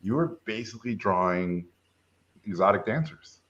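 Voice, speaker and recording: Animated middle-aged man telling stories. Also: fairly low pitch, moderate pace, dull audio. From Mexico. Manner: animated, acts out quoted voices. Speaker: film director guest. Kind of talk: casual storytelling chat.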